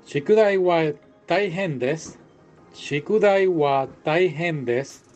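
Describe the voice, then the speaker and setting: A man with a slightly high voice talks his way through a language app lesson. He is chatty and repeats phrases, often stopping to correct himself. Faint music plays underneath. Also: a little slow, darkish tone, highs cut off. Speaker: language tutor. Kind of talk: casual lesson walkthrough.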